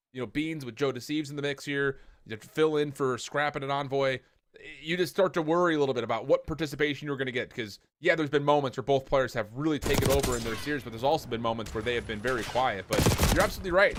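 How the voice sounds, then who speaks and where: A man casting an esports match in a chatty, joking way, with many fillers as he breaks down the standings. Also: medium pitch. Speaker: esports caster. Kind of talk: esports desk commentary.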